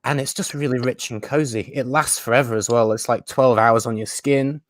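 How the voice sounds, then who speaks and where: A man's voice: medium pitch, moderate pace, dry recording. A man hosting a livestream, chatting casually and laughing easily about fragrances. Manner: relaxed, self-deprecating, laughs easily. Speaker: livestream host. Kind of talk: casual chat.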